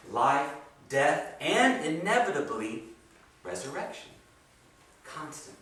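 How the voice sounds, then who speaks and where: Man preaching in a very echoey hall. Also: fairly high pitch. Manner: expressive, swinging between hushed and emphatic. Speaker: guest speaker at a spiritual center. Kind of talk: sermon with guided meditation. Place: meeting hall of a spiritual center. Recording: echoey hall from far off, faint noise.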